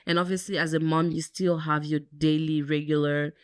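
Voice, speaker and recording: Low-voiced woman chatting candidly. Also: level tone, normal speed, clean tone, no echo, clean studio sound. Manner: candid, reflective, fillers like "um" and "like". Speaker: podcast co-host. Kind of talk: casual chat.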